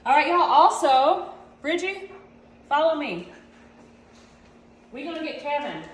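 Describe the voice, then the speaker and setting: A woman's voice: sits high, very animated, unhurried, slight background noise. A woman hosting a casual cooking demonstration in her home kitchen, chatting to viewers and calling them y'all as she goes. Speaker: cooking channel host. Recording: echoey kitchen with clattering dishes.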